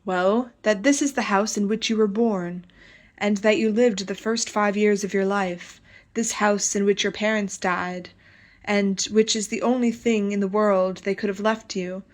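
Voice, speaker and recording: A woman reading the lines of a patient husband who gently coaxes his frightened wife. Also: mid-range voice, close to an everyday voice. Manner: steady, reassuring, coaxing.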